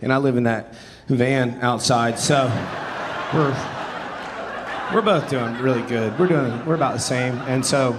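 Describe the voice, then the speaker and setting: On a theater stage before a live audience, a stand-up comedian in his thirties tells rambling, self-deprecating stories, often chuckling through his lines. His medium-pitched voice is unhurried with long pauses, and the recording is very noisy.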